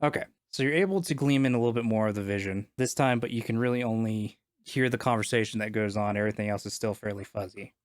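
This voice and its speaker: A man's voice: on the low side, quick pace, few pauses, no echo, studio quality. A man narrating as game master of a tabletop game, casual with many fillers.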